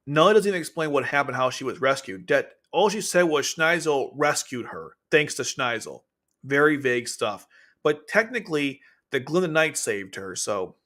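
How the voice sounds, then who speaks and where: A man streaming casual commentary on an anime, animated and quick to act out characters' lines. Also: medium pitch.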